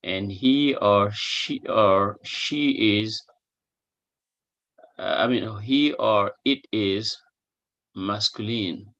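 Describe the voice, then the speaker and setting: A man teaching a recorded language lesson, his voice lowish and bright. He talks very slowly and patiently, repeating each example with its translation and checking in with a short "hmm?". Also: highs cut off. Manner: asks "hmm?" to check understanding. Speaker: Arabic teacher.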